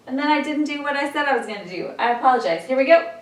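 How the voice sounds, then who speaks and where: The recording, made in an echoey room on a distant mic with loud background noise, captures a brisk, animated woman with a high-side voice. She teaches a memory lesson like a classroom, patiently encouraging listeners as they follow a rhythmic chant.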